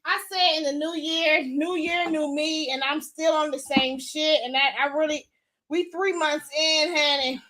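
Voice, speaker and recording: A woman's voice: sits high, fairly even intonation, measured pace, bright, forceful tone. A woman hosting a casual livestream, chatty and slangy, talking straight to her viewers while out of breath. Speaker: show host. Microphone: camera mic.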